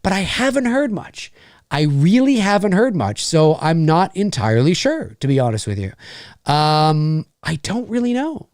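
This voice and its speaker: Lively, rambling man hosting a fan Q&A. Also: a little high, normal speed, dry recording, studio quality. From Canada. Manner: rambling, laughs often, hams up movie quotes. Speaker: host answering viewer questions. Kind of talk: casual live-stream Q&A chat.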